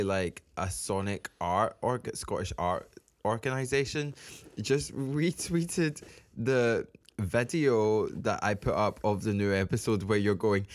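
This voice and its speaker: A young adult man co-hosting a podcast, trading quick banter and laughing often. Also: on the low side, no room sound. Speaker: podcast co-host. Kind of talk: casual chat.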